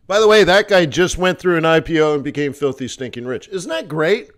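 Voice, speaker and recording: A man's voice: on the high side, expressive, brisk, hardly any pauses. A man hosting a live forex trading stream, talking casually, laughing often between loose, rambling thoughts. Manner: chatty, laughs often, fillers and restarts.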